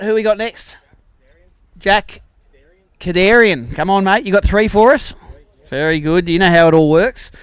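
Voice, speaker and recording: A man's voice: sits high, smooth, no room sound, clean studio sound. An Australian man emceeing a fishing tournament weigh-in outdoors, upbeat and chatty, bantering with the anglers. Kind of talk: live announcing and banter.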